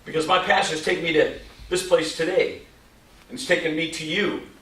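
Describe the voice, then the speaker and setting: An older motivational speaker with a bright, fairly high voice tells stories in a stage keynote, talking fairly quickly. He's animated and jokey, quizzing the live audience in a large hall with rhetorical questions. The recording is echoey, with the mic at a distance and faint noise.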